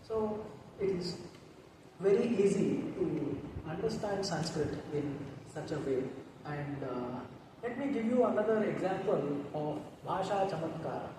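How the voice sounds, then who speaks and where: A man with an Indian English accent giving a talk on poetry, chanting verses slowly and melodically between explanations. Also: high-pitched, lively intonation. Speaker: guest speaker on Sanskrit poetry. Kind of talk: lecture with recited Sanskrit verses. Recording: echoey hall, distant mic, noticeable noise.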